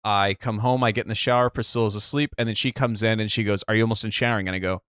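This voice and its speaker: A young man from the Midwest telling a story on a podcast in a casual, animated way, swearing freely and acting out what people said. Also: on the low side, fast, clear, resonant tone, no room sound, studio quality. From Midwest United States. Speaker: podcast co-host.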